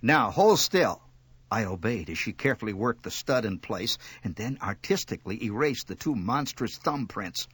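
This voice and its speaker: A man reading a story aloud, wry and expressive. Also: lowish voice, moderate pace, few pauses, husky, dry recording. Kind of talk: scripted narration.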